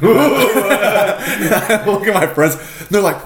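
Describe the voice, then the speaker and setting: A young man in his twenties telling party stories in casual chat, swearing and laughing, jumping into loud high-pitched quotes. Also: takes it slowly, few pauses, echoey room. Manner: animated, swears a lot, laughs often, jumps into loud high acted quotes.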